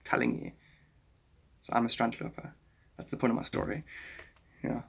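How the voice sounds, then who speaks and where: A South African man chatting casually on a live stream, rambling and animated as he jumps between ideas. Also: mid-range voice, moderate pace, vocal fry, breathy edge.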